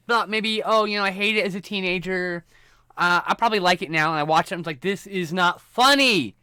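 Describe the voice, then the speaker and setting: A man's voice: sits high, pushed and bright, clear, resonant tone, no echo, clean studio sound. A man streaming live, ranting casually and profanely about movies while working through his film collection. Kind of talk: casual livestream rant.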